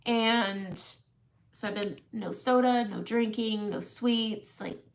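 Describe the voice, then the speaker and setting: Taking her time, a woman in her forties with a fairly high, gravelly voice tells a long funny story on a makeup live stream. She's a chatty storyteller who laughs at herself often, keeping the chat casual and self-mocking.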